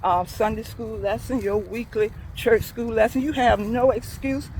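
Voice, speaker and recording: A woman's voice: a little high, fairly even intonation, normal speed, darkish tone, a little hiss or hum, low-quality recording. A middle-aged woman, a church school teacher, giving a folksy devotional talk while out on a morning walk, chuckling as she tells stories. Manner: folksy storytelling, chuckling often.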